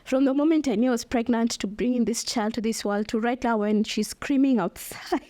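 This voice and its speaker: A young woman hosting a candid solo podcast, expressive and quick to laugh as she talks to her listeners. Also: on the high side, no room sound. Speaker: podcast host.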